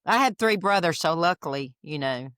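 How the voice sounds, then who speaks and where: A smooth, clear voice from a Southern woman in her fifties, recorded close and dry on a podcast mic. She tells her stories in an animated way and acts out the other people in them. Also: sits low, brisk, no room sound. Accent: Southern American. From Alabama. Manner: animated storyteller acting out quotes. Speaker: guest. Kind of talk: casual storytelling.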